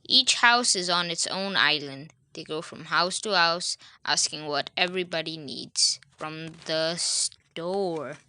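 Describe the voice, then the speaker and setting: A woman's voice: low-pitched, slow, hardly any pauses, pushed and bright, smooth, no echo. A woman reading a children's storybook aloud, adding chatty asides to the listener.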